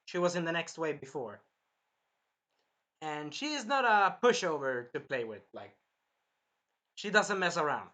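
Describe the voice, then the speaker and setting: A man recapping and reviewing an anime episode in a rambling, self-correcting way, with a sore throat that he keeps clearing, acting out the characters' lines. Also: on the high side, big pitch swings, a little slow, pauses often, bright, forceful tone. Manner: rambling, jumps around and corrects himself, acts out characters' lines.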